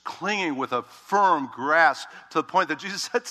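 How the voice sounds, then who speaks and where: A male pastor with a strikingly bright, forceful voice preaches with animated storytelling. His emphasis swings from ringing, urgent lines to hushed asides. A long reverb trails every phrase, as if in a large church. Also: on the high side, normal speed, few pauses. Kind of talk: sermon.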